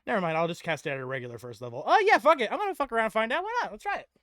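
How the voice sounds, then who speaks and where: A man playing a tabletop game over voice chat, excitable, swearing freely and laughing often. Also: sits high, very fast, dry recording. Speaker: player.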